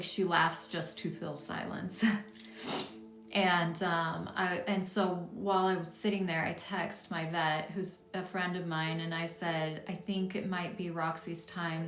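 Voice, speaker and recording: A woman's voice: fairly low pitch, reverberant. Woman rambling through a livestream story. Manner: rambling, heavy with fillers and restarts. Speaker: witchcraft livestream host. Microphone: phone or webcam on a live stream.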